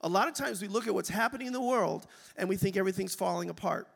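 A man's voice: sits high, fast talker, creaky. A man preaching a sermon to his congregation, emphatic and calling out for amens. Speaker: pastor. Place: church sanctuary. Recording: long reverb of a church hall.

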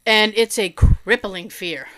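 A woman telling a long personal story in casual chat, animated, swearing and laughing often. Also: mid-range voice, slow.

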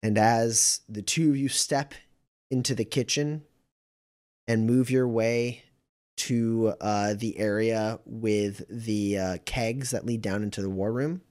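A man's voice: on the low side, steady tone, slow pace, a little mellow. A man running a tabletop game as game master, narrating casually with frequent fillers.

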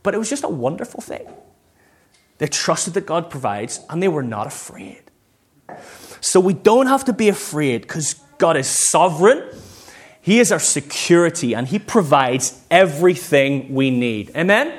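A man in his thirties preaching a sermon as a pastor, animated and calling out for amens from his congregation. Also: fairly high pitch, moderate pace, husky.

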